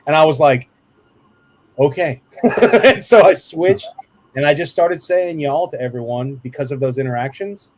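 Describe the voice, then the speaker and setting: A man's voice: a little high, expressive, moderate pace, darkish tone, a little hiss or hum, poor audio. A man with a Southern US accent co-hosting a livestream in casual chat, loose and jokey, swearing freely and calling everyone dude.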